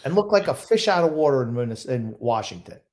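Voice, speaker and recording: A man's voice: mid-range voice, very animated, brisk, a little mellow. A man co-hosting a casual sports podcast, giving blunt, grumbling opinions. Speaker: podcast co-host.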